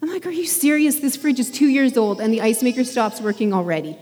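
Woman preacher, chatty sermon delivery, slightly high voice, long hall echo. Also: expressive, quick pace, warm tone. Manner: conversational with laughs and fillers.

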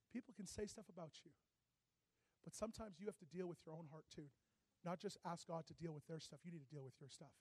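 In a high voice with no echo, a man delivers a sermon built around a personal story, playing both parts of the conversation and rising from hushed tones to loud ones.

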